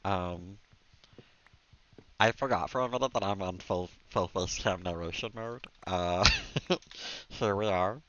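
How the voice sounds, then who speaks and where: A man streams a game from a room at home, chatting casually and giggling as he talks to his viewers and his pet. His low voice is fairly bright in tone, slow and full of pauses. The stream mic audio sounds slightly dull.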